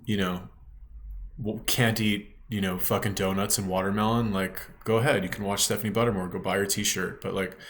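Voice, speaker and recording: A man's voice: fairly low pitch, steady tone, brisk, fairly bright tone. A man giving a ranting reaction commentary as a YouTube commentator, blunt, scornful and swearing often.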